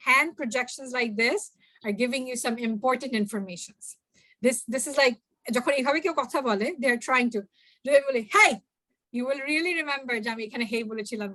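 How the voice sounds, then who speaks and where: A young woman giving a workshop talk, addressing the audience directly in an animated way. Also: on the high side, dry recording. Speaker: workshop speaker. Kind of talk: workshop talk mixing two languages.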